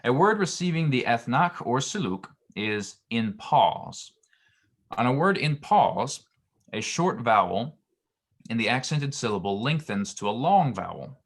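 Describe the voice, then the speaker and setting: A man tutoring Hebrew grammar, explaining slowly with many ums and restarts. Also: mid-range voice, sing-song, slightly rough.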